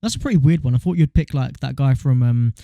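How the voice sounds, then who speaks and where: Fast-talking young man, dry mic. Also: medium pitch, gravelly, dark tone, dry recording. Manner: quick, slangy banter. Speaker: podcast co-host. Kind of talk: casual chat.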